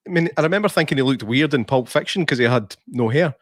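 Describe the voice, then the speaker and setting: A man's voice: medium pitch, animated, quick pace, no room sound, clean studio sound. A man, co-hosting a podcast in a casual film review chat, laughing often and restarting his sentences. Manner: chatty, laughs often, many restarts and fillers. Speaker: podcast co-host.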